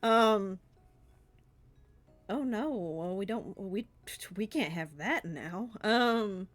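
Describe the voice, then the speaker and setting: A woman's voice: medium pitch, expressive, extremely slow, soft background music. A woman with a Southern US accent, a streamer chatting casually and rambling with lots of fillers and giggles during a Q&A. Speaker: streamer and artist.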